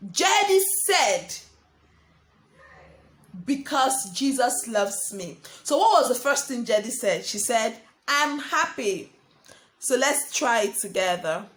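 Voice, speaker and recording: A young woman teaching small children, her voice rising and falling in a lively sing-song. She speaks slowly and a little high, repeating key words while writing on a board. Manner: slow, sing-song teacher talk addressing children as friends. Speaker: primary school teacher. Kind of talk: online lesson for young children.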